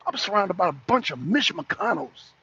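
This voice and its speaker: A man on a political talk show ranting loudly, swearing and repeating himself, sometimes breaking into laughter. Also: sits high, big pitch swings, normal speed, gravelly, breathy edge. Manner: loud, profane, repetitive ranting. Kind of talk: heated political rant. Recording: dull lo-fi stream audio.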